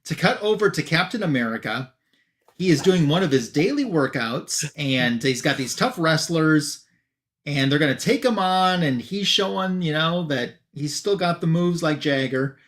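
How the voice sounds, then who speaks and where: A man casually summarizing a comic book issue for a review show, chatty with loose fillers and quick asides. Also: on the high side, expressive, a bit bright.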